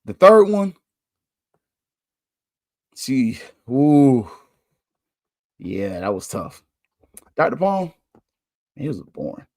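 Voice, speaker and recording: A man hosting a podcast, talking candidly in a casual monologue, chatty and quick to laugh. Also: medium pitch, big pitch swings, no echo, studio quality. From United States. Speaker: podcast host.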